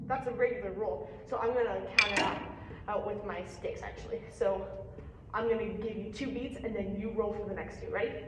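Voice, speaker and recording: A woman's voice: medium pitch, fairly even intonation, a little fast, very noisy. A young woman giving a patient, encouraging percussion lesson, explaining strokes step by step. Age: young adult. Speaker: percussion teacher. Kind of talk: hands-on music lesson. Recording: echoey room, mic far off.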